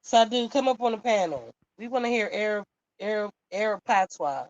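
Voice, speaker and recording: A woman's voice: mid-range voice, expressive, moderate pace. A woman co-hosting a casual online chat, coaxing a guest to join in. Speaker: co-host. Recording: dull dry sound.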